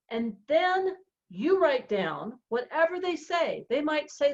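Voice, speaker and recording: A woman coach explains her method in an animated, conversational way. Her voice sits a little high, and she laughs easily as she talks. The recording is dull and lo-fi. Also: slow. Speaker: real estate coach. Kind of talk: coaching talk on a podcast. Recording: dull lo-fi sound.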